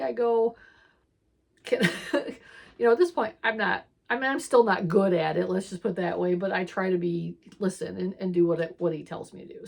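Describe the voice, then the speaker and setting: A woman's voice: mid-range voice, vocal fry. A woman telling a personal faith story in a casual, rambling way, quoting herself and often laughing between lines. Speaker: storyteller of her faith testimony. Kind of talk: casual spoken testimony.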